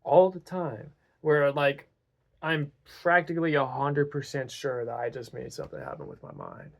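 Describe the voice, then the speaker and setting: Laid-back gravelly man chatting. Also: mid-range voice, sing-song, moderate pace. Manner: laid-back, slangy, agreeing. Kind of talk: casual chat.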